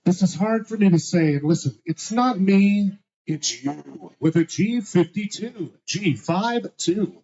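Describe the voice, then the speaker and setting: A man calling bingo at a live venue, cracking quick rhyming jokes and slowing down to spell out each number. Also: high-pitched, expressive, warm tone, highs cut off. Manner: playful, punchy one-liners, slows to spell out each number. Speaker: bingo caller.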